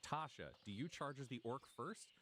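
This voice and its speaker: A man's voice: medium pitch, lively intonation, normal speed, a bit bright, a little hiss or hum. A man narrating a tabletop role-playing game as game master, with vivid, descriptive storytelling.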